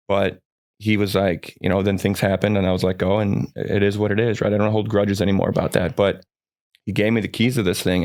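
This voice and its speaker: A man in his forties with a fairly low voice, telling stories from his life as a guest on a podcast. He rambles with plenty of restarts and keeps an earnest, upbeat tone. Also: darkish tone. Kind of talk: personal storytelling in a podcast chat.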